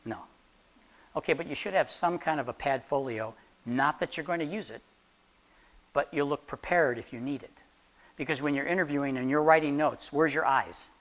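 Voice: medium pitch, normal speed, a bit bright. A chatty instructor leads a class through practical advice in a loose, conversational way. The voice keeps throwing questions out to the room and slips in jokes along the way. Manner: jokey, laughs at own jokes. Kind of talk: classroom talk on job interviews.

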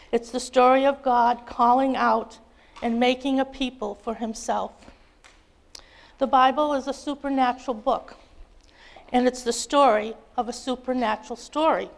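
A woman teaching a Bible lesson to a group. She speaks earnestly and gently, with soft "um"s, and her voice sits a little high. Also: vocal fry. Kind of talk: Bible lesson with a read-aloud children's story.

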